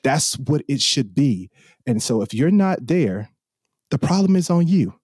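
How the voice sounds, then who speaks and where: A man's voice: mid-range voice, very animated, measured pace, darkish tone, husky, no echo, studio quality. A man in his forties from the Southern US, a podcast host speaking earnestly and with passion, often repeating himself for emphasis. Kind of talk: heartfelt podcast conversation.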